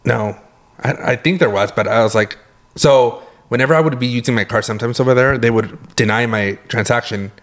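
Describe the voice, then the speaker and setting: A man's voice: mid-range voice, a little fast. A young man from California co-hosting a podcast, telling stories in a casual chat, acting out his reactions and cursing freely. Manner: animated storytelling, swears freely, acts out his own reactions. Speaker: podcast co-host.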